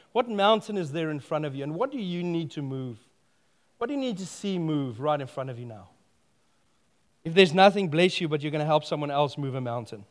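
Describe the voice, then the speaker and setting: A man preaching a sermon, animated and playful, telling stories with humor. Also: a little high, long reverb tail.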